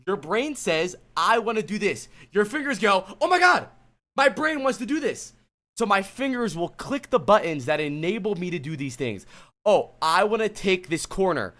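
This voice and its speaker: A male streamer with a high, bright voice coaches a player live while reviewing gameplay. He's blunt, exasperated and swears freely, pausing his lecture to talk to his chat.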